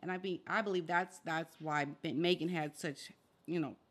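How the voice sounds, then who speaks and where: A woman's voice: fairly low pitch, steady tone, moderate pace. A woman guest on a podcast, giving firm opinions in casual chat and murmuring agreement often. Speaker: guest commentator.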